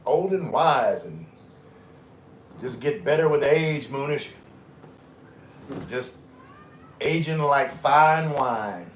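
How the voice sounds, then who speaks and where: A man's voice: mid-range voice, lively intonation, slow pace, long pauses. A middle-aged man from Louisiana with a Southern accent, hosting a casual livestream, chatting with viewers in a laid-back, drawling way and greeting them by name. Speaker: livestream host. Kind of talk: casual live chat reading comments.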